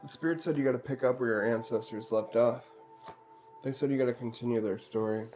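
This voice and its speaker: A man's voice: mid-range voice, steady tone, fairly quick, a little mellow, faint music behind. A man giving a live-streamed tarot reading in a chatty, joking way, relaying what the spirits tell him. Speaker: tarot card reader.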